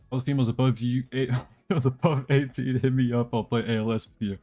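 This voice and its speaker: Joking around and rambling, a young streamer chats with his audience while playing a game live, faint music in the background. His medium-pitched voice is warm, fairly even in intonation and quick.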